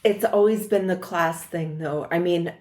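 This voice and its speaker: A woman co-hosting a podcast in casual chat, speaking in an unhurried, chatty way. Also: lowish voice, a little mellow. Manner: unhurried, chatty, laughs often. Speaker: podcast co-host.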